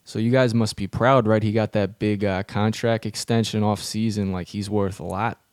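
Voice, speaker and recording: A man's voice: fairly low pitch, steady tone, moderate pace, darkish tone, dry recording, clean studio sound. A man hosting a comedic sports radio show, rambling with lots of filler words. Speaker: radio host.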